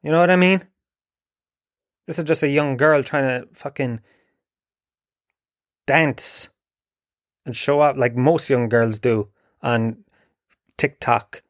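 Irish man, sweary sarcastic comic rant, mid pitch, dry. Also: takes it slowly, long pauses, no room sound. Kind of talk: ranting comedic monologue.

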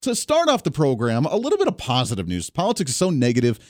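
A man's voice: a little high, wildly swooping pitch, quick pace, dry recording. Upbeat chatty male radio host. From Kansas. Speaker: radio talk show host. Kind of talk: energetic radio talk monologue. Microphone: studio microphone. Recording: dry studio sound, faint music.

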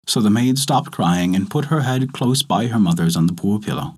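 Husky expressive male storyteller. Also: lowish voice, moderate pace, few pauses. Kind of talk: scripted folktale narration.

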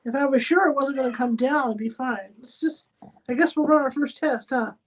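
Her voice sits high and runs a little fast as she mutters to herself, narrating every step of a craft project on her live stream. She works from a spare bedroom used as a studio, and the recording is dull and lo-fi with faint noise.

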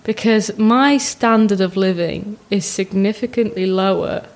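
A young woman, a podcast guest chatting casually, self-mocking and animated, acting out what others say. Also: mid-range voice, unhurried. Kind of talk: casual chat.

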